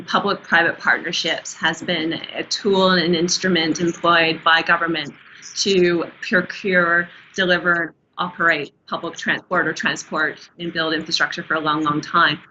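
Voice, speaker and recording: An Australian woman researcher giving a measured, explanatory answer in an academic interview, with frequent restarts. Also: on the low side, steady tone, pushed and bright, slight background noise. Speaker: urban planning researcher, interview guest. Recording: muffled, dull audio.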